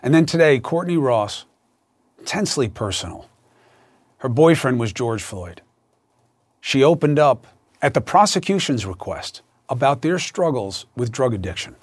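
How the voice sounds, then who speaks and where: With no room sound, this news host speaks at medium pitch and a moderate pace, sounding very animated. He presents stories and guests in an emphatic, conversational style, blending commentary with interviews.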